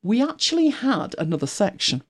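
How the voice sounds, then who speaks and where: A woman's voice: on the high side, sing-song, normal speed, husky. A woman in her fifties hosting a podcast in casual, rambling chat, laughing often and now and then dropping to a whisper. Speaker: podcast co-host.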